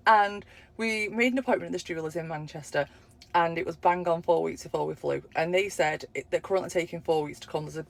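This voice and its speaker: Young woman, rapid casual storytelling, lively quoted voices. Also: creaky. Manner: animated, acts out quoted voices with big pitch jumps. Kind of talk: casual chat.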